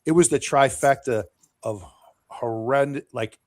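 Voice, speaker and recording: A man's voice: mid-range voice, takes it slowly, dry recording, studio quality. A man in his fifties co-hosting a sports talk show, chatting in a blunt, opinionated way. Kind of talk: casual chat.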